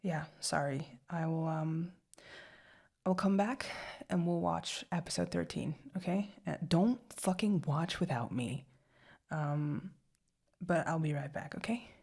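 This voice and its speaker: A woman's voice: low voice, measured pace, vocal fry, a little mellow, husky, exaggerated voice. A woman in whispered role-play as a young adult girlfriend, talking in a hesitant, rambling way with lots of restarts. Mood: flustered, apologetic.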